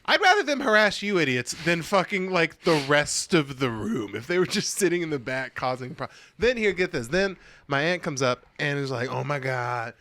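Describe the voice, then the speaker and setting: A man's voice: on the high side, normal speed, hardly any pauses, dry recording. A man co-hosting a casual podcast, swearing and telling stories about his family at a comedy show. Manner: swearing, storytelling, animated quoted voices. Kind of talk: casual chat.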